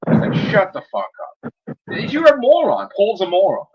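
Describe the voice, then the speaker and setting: Heated, high-pitched ranting man. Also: huge pitch swings, moderate pace. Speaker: podcast co-host. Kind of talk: casual podcast rant. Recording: dull lo-fi audio with noise.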